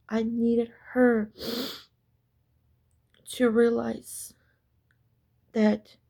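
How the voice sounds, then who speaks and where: A woman tells a story straight to her viewers in an intense, emphatic way, repeating herself and swearing. Her voice sits fairly high, with a gravelly fry and a husky edge. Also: darkish tone. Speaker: spiritual storyteller. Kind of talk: casual story time monologue.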